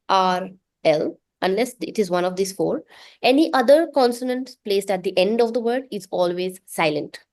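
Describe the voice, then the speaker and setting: A woman teaching French in an online class, explaining things patiently and repeating words slowly so that students can say them after her. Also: on the high side, a little mellow, no room sound. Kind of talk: online language lesson.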